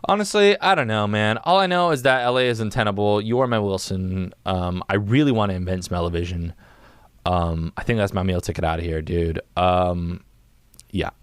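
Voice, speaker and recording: A man's voice: low voice, normal speed, clean tone, no echo. A young man hosting a casual solo podcast from his home music studio, rambling and joking, with "dude" in nearly every other line. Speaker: podcast host.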